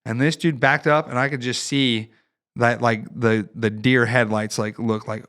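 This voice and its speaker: Speaking at a measured pace with a medium-pitched voice, a thirtysomething Ohio podcast guest recounts war stories casually. He's a fighter and ex-Marine who curses a lot and performs the voices of the characters with animation.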